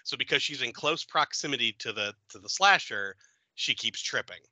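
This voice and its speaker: A man hosting a podcast, retelling a film in a giggly, animated way. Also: mid-range voice, moderate pace, dry recording, rough recording. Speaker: podcast host. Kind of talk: casual film review chat.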